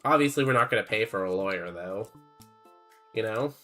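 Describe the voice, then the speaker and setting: A man's voice: on the low side, expressive, moderate pace, pushed and bright, faint music behind. A young man streaming a game, chatting casually and rambling as he reads chat aloud in a laid-back way.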